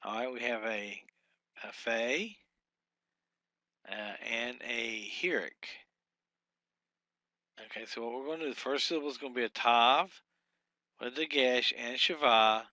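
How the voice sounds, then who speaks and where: A man walks through a workbook lesson one step at a time, thinking aloud and slowly sounding out each syllable. His voice is bright and forward at a middle pitch. The recording is close and dry, with no room sound. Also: no echo. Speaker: Hebrew teacher.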